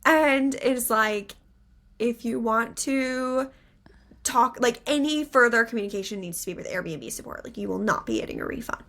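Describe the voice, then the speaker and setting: A woman's voice: fairly high pitch, moderate pace. A young adult woman co-hosting a podcast, telling a story in casual chat, acting out quotes and saying "like" often. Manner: animated storyteller, acts out quotes, many "like" fillers. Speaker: podcast co-host.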